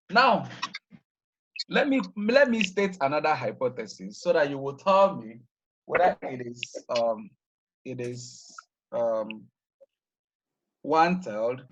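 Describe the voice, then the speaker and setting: A man teaching a class. He repeats key terms slowly and leaves sentences open with "what?" so the students fill in the answer. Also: mid-range voice, expressive, a bit bright, highs cut off. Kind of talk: classroom lecture.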